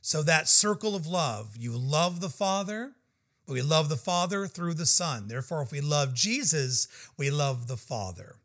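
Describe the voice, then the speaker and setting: A man's voice: on the high side, expressive, moderate pace, a bit bright. A man preaching a verse-by-verse sermon in an earnest, emphatic way, walking through numbered points.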